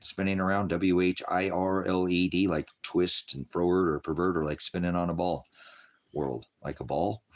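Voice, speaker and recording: A man preaching casually to an online audience, rambling from point to point, often chuckling and mocking others in put-on voices. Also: low voice.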